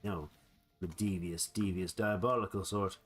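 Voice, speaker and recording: A man's voice: sits low, steady tone, normal speed, faint music behind. A man giving playful, rambling let's play commentary on a survival game, chatting to the animals he meets. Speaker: gamer.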